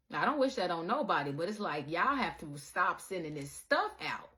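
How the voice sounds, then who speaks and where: Woman, casual spiritual talk, animated, profane, calls listener baby. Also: lowish voice, normal speed, hardly any pauses. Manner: animated, swearing, calls listener baby, acts out quoted people. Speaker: spiritual content creator. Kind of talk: casual spiritual monologue to viewers.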